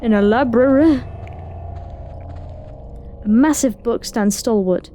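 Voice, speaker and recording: A woman's voice: fairly high pitch, slow, warm tone, soft background music. A woman giving casual gameplay commentary, reading in-game text aloud and adding wry, sarcastic asides to herself. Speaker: let's play gamer.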